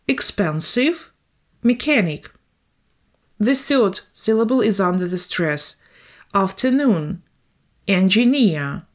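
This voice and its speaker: English teacher, female, Ukrainian accent, talks through tasks and repeats each instruction in both languages. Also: fairly low pitch. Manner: explains each step twice, in English then Ukrainian. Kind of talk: explaining a textbook lesson.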